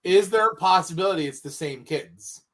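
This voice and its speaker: Male co-host, slightly high, bright and forceful voice, playful banter. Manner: joking, playful, quick asides. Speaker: podcast co-host. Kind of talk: casual banter.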